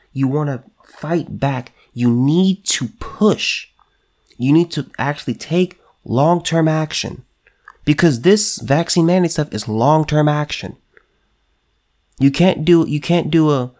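A man at a middle pitch delivering opinionated solo commentary as host. He hammers points through repetition and frequent restarts and breaks off to read news items aloud. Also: darkish tone.

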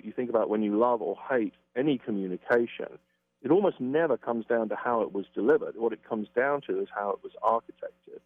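A man's voice: medium pitch, no echo. A man explaining communication as an interview guest, emphatic and acting out quoted reactions. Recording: tinny phone-line sound.

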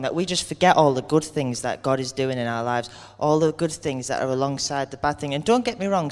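Earnest preacher in a reverberant hall. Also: male voice, medium pitch. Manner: earnest, candid, acts out everyday complaints. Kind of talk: conversational sermon.

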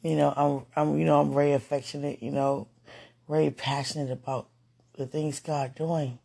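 A man recording an emotional late-night vlog, overwhelmed and near tears, pleading and sighing in breathy whispers. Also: a little high, little pitch movement, normal speed, warm tone. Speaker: vlogger.

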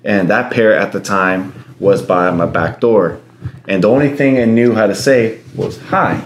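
A man's voice: lowish voice, moderate pace, a little hiss or hum. A man casually telling a story among friends, slangy and swearing freely.

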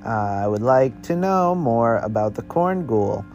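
A man's voice: mid-range voice, expressive, a little slow, darkish tone, soft background music. A man voicing an eager young male ghost hunter, calling out keen questions in a slightly raised voice.

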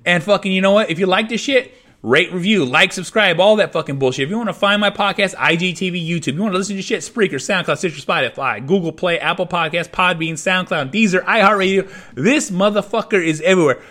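A man's voice: high voice, fast talker, bright, forceful tone. A man hosting his own podcast, delivering an angry, profanity-heavy rant in a fuming, repetitive way. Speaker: podcast host.

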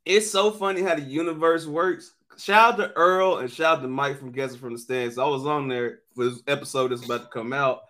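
A man's voice: medium pitch, fairly quick, few pauses. A man co-hosting a podcast, joking and laughing in casual banter. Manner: animated, laughing, jokey. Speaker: podcast co-host.

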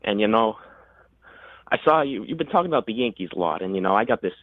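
A man's voice: on the low side, animated, quick pace, no room sound, natural voice. A man calling in on the phone, putting on a wacky, edgy radio voice and talking pushily. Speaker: caller. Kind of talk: prank call bit. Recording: tinny phone line, dry.

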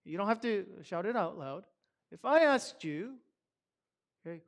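A man with a high-pitched voice addresses a church congregation over a microphone. His delivery is loose and chatty, full of filler words. He keeps turning to his listeners with direct questions. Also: lively intonation, a little slow, creaky. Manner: conversational, asks the audience many questions. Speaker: speaker at a Sabbath service. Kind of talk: casual talk to a congregation. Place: church service.

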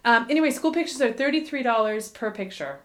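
A woman in her thirties chatting casually as a co-host, telling stories with animated delivery and frequent laughs. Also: a little high, fast talker. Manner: animated storytelling, laughs often. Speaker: podcast co-host and mother. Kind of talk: casual chat.

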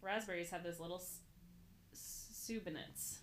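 A woman's voice: lowish voice, steady tone, moderate pace, a little hiss or hum. A young woman co-hosting a casual podcast, giggling and stumbling over words as she reads an article aloud. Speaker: podcast co-host.

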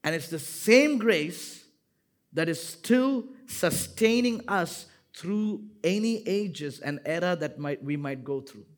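A male pastor delivers a sermon at an unhurried, deliberate pace, his voice sitting a little high. He stacks repeated phrases into loud, emphatic peaks, then drops to quiet, low asides. Now and then he teases the congregation playfully. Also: lively intonation. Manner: repetitive rhetorical cadence.

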